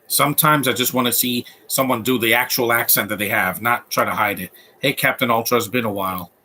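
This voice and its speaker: A man's voice: mid-range voice, brisk, bright, forceful tone, a little hiss or hum. A man giving a casual, opinionated live commentary over a movie, rambling with frequent restarts. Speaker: host.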